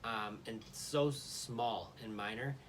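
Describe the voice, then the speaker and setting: A man's voice: lowish voice, slow, fairly bright tone. A man in his thirties co-hosting a live Q&A, telling stories in an earnest, chatty way. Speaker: co-host. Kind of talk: casual live Q&A chat. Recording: faint background noise.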